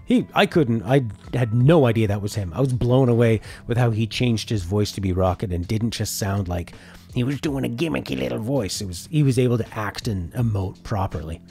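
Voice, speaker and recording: A man's voice: mid-range voice, fairly quick, warm tone, faint music behind. A man streaming a casual reaction chat, talking things over and reading viewer comments aloud before answering them. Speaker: streamer reacting to a game showcase.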